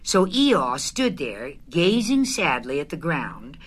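A woman narrating a storybook chapter aloud in an expressive, unhurried way. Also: sits low, husky.

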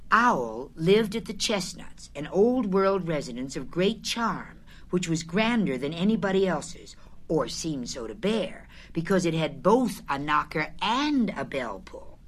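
A woman narrating a storybook chapter aloud in an expressive, unhurried way. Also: fairly low pitch.

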